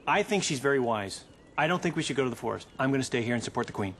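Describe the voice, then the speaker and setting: An actor playing a whiny, cowardly comic sidekick with a theatrical manner. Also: male voice, mid-range voice, lively intonation, racing, fairly bright tone, a little hiss or hum.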